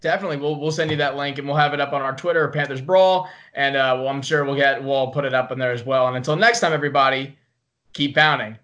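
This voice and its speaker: A man's voice: mid-range voice, fast talker, fairly bright tone, highs cut off. A young man co-hosting a podcast, talking eagerly and rambling, often correcting himself mid-sentence. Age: young adult. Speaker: podcast co-host. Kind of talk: casual podcast chat.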